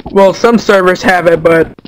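A man chatting with teammates during an online shooter, giving quick warnings and playful remarks. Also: high voice, a little hiss or hum, low-quality recording. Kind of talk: casual voice chat while gaming.

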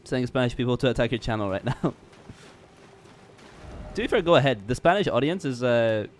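Goofy rambling game streamer. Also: male voice, mid-range voice, expressive, fairly quick. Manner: goofy, rambling, self-mocking, stammering restarts. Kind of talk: casual game livestream chat. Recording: jazz music faintly behind.

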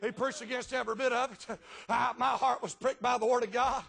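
A middle-aged preacher man with a strikingly high, bright voice and a gravelly edge. He moves from plain, folksy storytelling into a chanting, shouted cadence, with a sharp "uh" between phrases. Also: fairly even intonation, a little fast. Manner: folksy storytelling with dialect grammar. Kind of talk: revival sermon.

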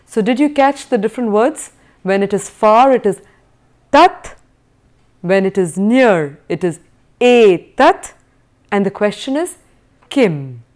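Woman teaching sanskrit on video, slow careful drills, voice swoops up a lot on questions. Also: mid-range voice, lively intonation, darkish tone. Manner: slow, deliberate drilling with exaggerated pronunciation. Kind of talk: recorded video lecture.

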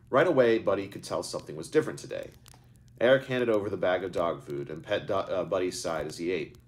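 A man's voice: low-pitched, lively intonation, quick pace. A man reading his own book aloud live, stumbling and correcting himself as he goes. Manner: unscripted stumbles and self-corrections. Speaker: author and narrator.

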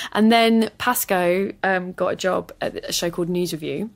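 A woman's voice: lowish voice, fairly even intonation, normal speed. A woman comedian telling her story in an interview, self-deprecating and candid, swearing now and then. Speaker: comedian guest.

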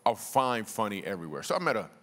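In a large church auditorium with long, lingering reverb, a guest comedian entertains the congregation with slangy, easygoing funny stories. His voice runs on the low side, sing-song and fairly bright, and he talks quickly.

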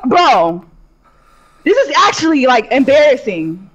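A woman's voice: a little high, very animated, a little fast. A young woman taunting her opponent during a game, mocking and swearing. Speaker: gaming opponent. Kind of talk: trash-talking gaming banter. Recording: noisy stream audio.

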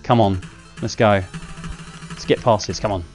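A man giving casual, self-mocking commentary while playing a fighting game, with excitable outbursts. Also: on the low side, normal speed, faint music behind. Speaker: gaming channel host.

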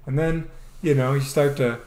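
A man vlogger telling a comedic personal story in a playful, animated way. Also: medium pitch, normal speed, roomy sound. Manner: animated, playful delivery with sound effects.

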